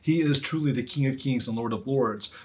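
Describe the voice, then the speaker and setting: A man's voice: mid-range voice, brisk, breathy edge. A man preaching a sermon as pastor, in an earnest, emphatic manner that leans on repetition.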